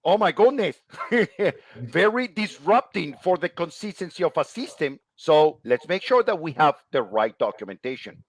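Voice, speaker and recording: A man's voice: fairly high pitch, very animated, normal speed, dry recording. A man who is a guest in a casual chat, explaining his points with rhetorical questions and answering them himself.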